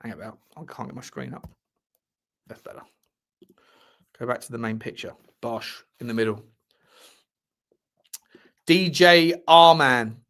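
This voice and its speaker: The football fan show host speaks a little slowly at medium pitch, leaving long pauses, his voice slightly bright over a faint hiss or hum. In a casual livestream chat he reads transfer articles aloud with cheeky asides and repeated phrases.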